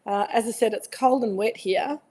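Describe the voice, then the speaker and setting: Hosting a live virtual wine tasting from home, the Australian winemaker chats casually, says hello to viewers by name, and leans on lots of fillers. Her voice is on the high side and a little mellow, at a moderate pace.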